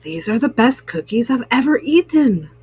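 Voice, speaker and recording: A woman voicing a sensible, patient male frog in a storybook reading, calm and reasoning. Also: on the high side, moderate pace, husky, no room sound, full character voice.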